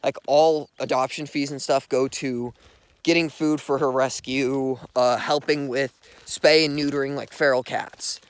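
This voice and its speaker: A man's voice: mid-range voice, steady tone, a little slow, clear, resonant tone. A young man telling a story in a casual, rambling way while walking a dog outdoors, with many "like"s. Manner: earnest, rambling, heavy use of "like". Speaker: vlogger. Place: outdoors, walking along streets.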